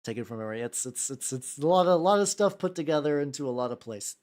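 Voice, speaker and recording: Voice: medium pitch, expressive, fast, darkish tone. A VTuber streamer chatting casually at a desk while painting, rambling with many fillers, swearing casually and greeting chat by name. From United States. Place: home workshop desk.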